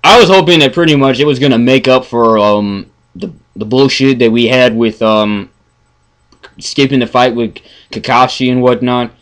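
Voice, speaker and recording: A man ranting in a casual review, profane and exasperated, stammering and swinging from mumbling to yelling. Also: mid-range voice, normal speed. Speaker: anime reviewer.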